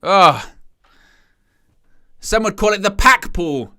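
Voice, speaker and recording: A man hosting a live wrestling watch-along, calling the action with excited gasps and exclamations. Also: high voice, slow pace, pauses often, smooth, dry recording, clean studio sound. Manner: animated, exclaiming "oh" at each move. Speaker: wrestling live-stream host.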